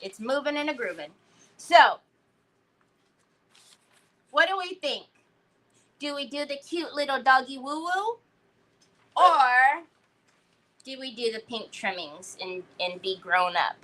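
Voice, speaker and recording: A woman's voice: fairly high pitch, lively intonation, takes it slowly, pauses often, pushed and bright. A woman hosting a crafting livestream, chatting casually and playfully with cutesy baby talk while reading out viewers' comments. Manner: reads out viewers' chat comments. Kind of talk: casual live-stream chat while crafting.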